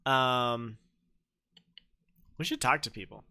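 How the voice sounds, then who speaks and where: A man's voice: mid-range voice, slow, bright, forceful tone. A young man livestreaming a game, chatting playfully and telling jokey stories with silly voices. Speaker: streamer. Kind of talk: livestream gameplay chat.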